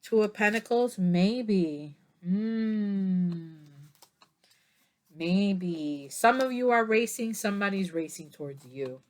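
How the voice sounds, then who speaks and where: A woman's voice: medium pitch, animated, slow, a little mellow. A tired woman giving a casual tarot reading to camera, chatty and meandering, with many fillers and yawns. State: tired, yawning. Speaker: tarot reader.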